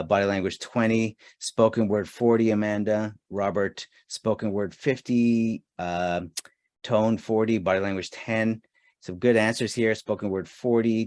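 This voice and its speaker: A Canadian man runs a live online customer service training as a webinar trainer, chatting casually and reading chat answers aloud with many fillers. His voice is lowish, with no echo.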